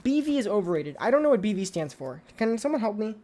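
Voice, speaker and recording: A woman hosts a casual livestream in a fast, sing-song, mellow voice of medium pitch. She reacts to viewer comments, speaks straight to chat and often repeats her words.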